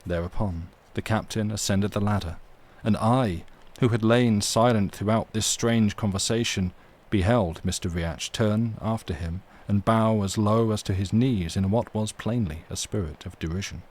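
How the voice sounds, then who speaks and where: A man reading a classic novel aloud on a livestream, steady and unhurried, correcting small slips as he goes. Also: fairly low pitch. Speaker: reader.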